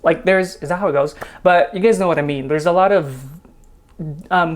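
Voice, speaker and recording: A man hosting a casual dance reaction video, chatty, laughing often and filling pauses with ums. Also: fairly high pitch.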